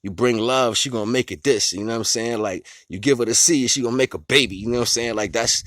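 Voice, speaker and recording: A fast-talking man with a medium-pitched, slightly bright voice vlogs about his life philosophy in a laid-back, rambling way. He chuckles often, keeps saying "you know what I'm saying," and uses simple everyday comparisons, with no room sound.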